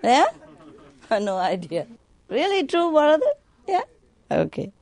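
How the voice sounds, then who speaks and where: Slow, playful woman telling jokes. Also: high voice, big pitch swings, creaky, a little mellow. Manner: playful, laughs between lines, teases listeners with questions. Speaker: spiritual teacher. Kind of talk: telling jokes to a live audience.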